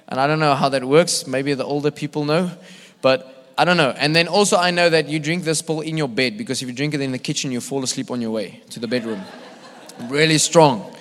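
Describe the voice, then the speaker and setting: A man's voice: fairly high pitch, fairly quick, fairly bright tone. A man, a visiting evangelist, preaching a sermon and telling his own story earnestly, with many emphatic repeats and restarts. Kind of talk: sermon with personal testimony. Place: church hall. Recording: echoey hall.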